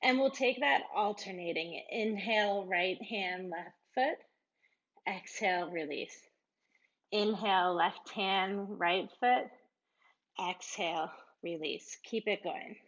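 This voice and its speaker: Female yoga teacher, unhurried encouraging cues, slightly muffled recording. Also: medium pitch. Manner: calm, encouraging cueing with breathy laughs. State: out of breath at times. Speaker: yoga instructor. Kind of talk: guided yoga class cues.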